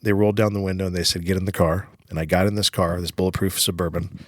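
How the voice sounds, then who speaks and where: A man from the United States, appearing as a podcast guest, tells his story in casual conversation, swearing freely and acting out what other people said. His low voice moves fast, recorded cleanly in a studio with no echo.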